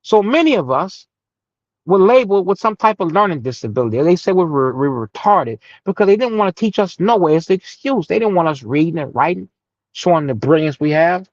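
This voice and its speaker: A man hosting a community meeting, giving a fiery, preacherly motivational speech that swings from low murmurs to loud, rising emphasis, with some profanity. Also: sing-song, fairly quick, no room sound. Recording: dull lo-fi audio.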